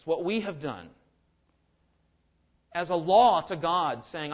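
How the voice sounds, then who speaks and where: A man's voice: sits high, slow pace, pauses often, dull audio. A man preaching a sermon in an earnest manner, often repeating words as he stresses a point. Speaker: pastor.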